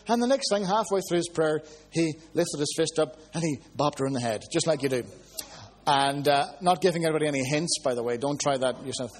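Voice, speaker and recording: A man preaching a sermon, telling stories with lively swings between hushed and high exclamations.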